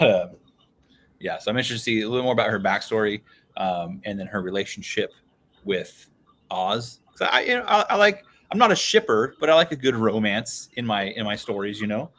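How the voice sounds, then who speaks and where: Male book club host, lowish voice, relaxed and chatty, laughs easily. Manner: laid-back, laughs often, says "dude". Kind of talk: casual livestream book chat.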